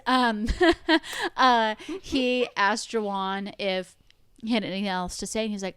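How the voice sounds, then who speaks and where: Woman podcast host chatting away, laughs a lot, smooth clear voice, dry close mic. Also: medium pitch, measured pace, a bit bright, no room sound. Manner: chatty, laughing, playful quoting of others. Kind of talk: casual chat.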